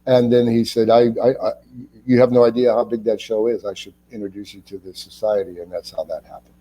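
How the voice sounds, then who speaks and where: Man, 60s, from Ohio, mellow warm voice, animated storyteller, interview guest. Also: fairly low pitch, brisk. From Ohio, United States. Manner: animated storyteller, acts out other people's lines. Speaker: actor, guest.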